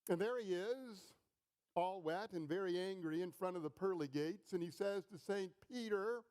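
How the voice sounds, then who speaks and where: Slow, high-voiced middle-aged pastor preaching. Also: male voice, a little mellow. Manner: slow, deliberate storytelling with pauses. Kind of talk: sermon.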